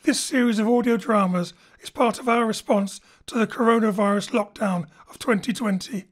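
A woman announcer reading a scripted introduction in a measured, formal way, recorded in a home studio. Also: mid-range voice, steady tone. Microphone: home studio microphone.

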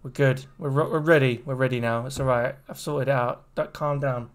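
A man's voice: mid-range voice, fairly even intonation, moderate pace. Chatty male gaming streamer. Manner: chatty, rambling, addresses chat. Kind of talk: casual live-stream commentary. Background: game music.

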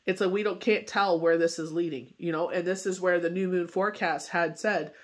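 High-voiced man giving a rambling tarot forecast. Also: steady tone, a little fast. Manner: rambling, loose delivery full of "you know" fillers. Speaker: tarot reader and medium. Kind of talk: casual spoken tarot forecast.

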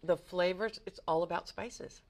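A woman's voice: fairly low pitch, fairly even intonation, normal speed. A woman hosting a TV cooking show, upbeat and bubbly as she tastes and chats with a guest chef. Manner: bubbly, upbeat, laughs easily.

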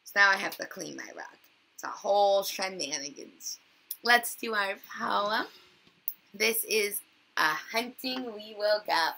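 A woman teaching small children over video, cheerful and sing-song. Her voice is bright with a gravelly rasp, and she takes her time, stretching words slowly. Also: mid-range voice, expressive, low-quality recording. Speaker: kindergarten teacher. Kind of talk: remote video lesson for young children.

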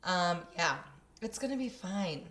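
A woman's voice: on the low side, expressive, a little slow, a bit bright. A woman co-hosting a podcast in casual chat, joking and swearing freely as she talks about teaching kids. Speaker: podcast co-host.

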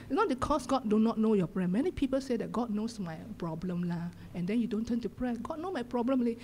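A middle-aged woman pastor with a Singaporean English accent preaching a sermon in a church, swinging from loud exhortation to hushed whispers. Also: mid-range voice, animated, fairly quick, a little hiss or hum. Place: church sanctuary.

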